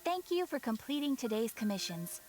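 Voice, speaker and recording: A calm, formal game receptionist. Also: female voice, on the high side, normal speed. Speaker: game character, guild receptionist. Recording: game audio heard from a distance, music behind.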